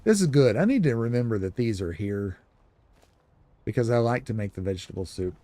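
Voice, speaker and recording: A man's voice: mid-range voice, animated, a little fast, warm tone, dry recording. Rambling, chatty man streaming a game. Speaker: gaming streamer. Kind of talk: casual gameplay commentary.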